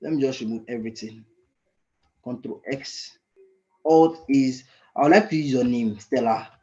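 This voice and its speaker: A man mentoring frontend coders in a live screen-share lesson, thinking aloud and often pausing to search for the right word. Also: mid-range voice, mellow, muffled recording.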